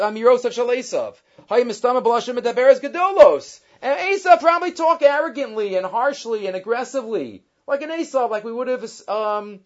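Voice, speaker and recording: A man's voice: high-pitched, muffled recording. A man teaching a Torah class on the weekly portion, reading Hebrew texts and explaining them in English.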